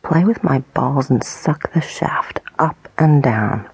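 A menacing male attacker speaks in a harsh, breathy whisper from an audiobook, with a woman narrator putting on his voice. His orders come slow and low. The recording is close and dry. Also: expressive, dry recording, full character voice, poor audio. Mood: commanding. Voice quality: breathy and husky. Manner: harsh, taunting, commanding. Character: cruel menacing male attacker, young adult. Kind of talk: whispered role-play.

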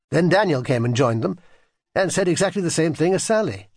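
A man reads a children's storybook aloud with expressive, lively intonation that rises and falls widely. His voice has a husky grain. The recording is close and dry, with no room sound. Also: a little high, fairly quick, no echo. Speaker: audiobook narrator.

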